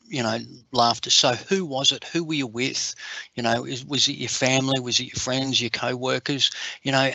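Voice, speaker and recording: A man's voice: medium pitch, sharp tone, dry recording, low-quality recording. A middle-aged Australian man, a comedian hosting an online workshop, telling chatty stories full of "you know" fillers.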